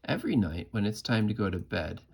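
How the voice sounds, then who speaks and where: Low, gravelly man reading a storybook. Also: a little fast. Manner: playful, expressive read-aloud with asides. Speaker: storybook reader. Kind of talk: reading a children's book aloud.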